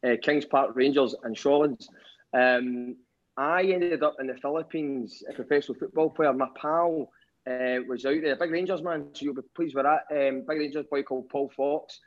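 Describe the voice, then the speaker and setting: A man's voice: mid-range voice, steady tone, moderate pace. Glaswegian man telling stories over a dull line. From Scotland. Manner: swearing, laughing, wry self-mockery. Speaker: caller. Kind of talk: casual storytelling.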